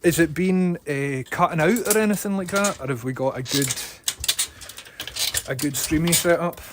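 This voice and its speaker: A Scottish man on a casual live stream, his voice sitting a little higher than most men's. He is chatty and excitable and speaks straight to his viewers through a phone strapped to his head. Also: normal speed, heavy background noise. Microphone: phone mounted on his head.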